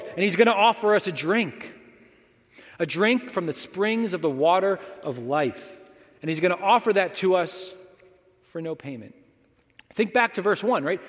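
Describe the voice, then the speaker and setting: A young male pastor delivers a sermon in a large hall that leaves a long tail of reverb on every phrase. His voice sits a little high for a man. He swells to bold, declaring lines and then sinks to a hushed, almost whispered intimacy. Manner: dynamic, swings between loud proclamation and hushed near-whisper.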